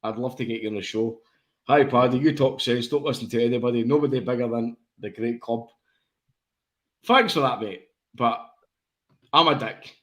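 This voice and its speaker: A man's voice: medium pitch, moderate pace, long pauses, a bit bright. A tipsy Scottish man co-hosting a casual fan podcast, boisterous and sweary, laughing a lot. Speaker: podcast co-host.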